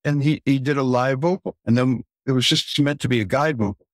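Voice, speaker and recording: A man being interviewed as a guest in a casual chat, telling stories in a relaxed, reflective way. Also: medium pitch, fairly quick, no echo, clean studio sound. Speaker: guest, record producer.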